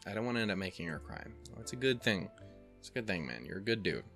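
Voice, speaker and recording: With soft music playing, a low-pitched man talks very animatedly and quickly in a slightly bright tone. As a let's player on his channel, he reads out a visual novel's text and fills the gaps with profane, self-belittling, rambling commentary.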